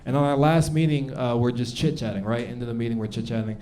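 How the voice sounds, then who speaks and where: A man's voice: mid-range voice, fast, dark tone. A man in his thirties performing a live stand-up set. He talks in a loose, conversational way and acts out the people he quotes. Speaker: stand-up comedian. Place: comedy club stage with a live audience. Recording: noisy live club recording. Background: audience laughter and room noise.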